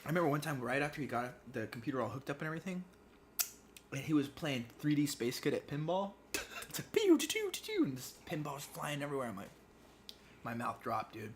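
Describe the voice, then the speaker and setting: A young man co-hosting a podcast, chatting casually at home and telling stories with slang and animated quoting. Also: mid-range voice, a little fast, a little hiss or hum. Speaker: podcast co-host. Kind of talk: casual chat. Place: apartment.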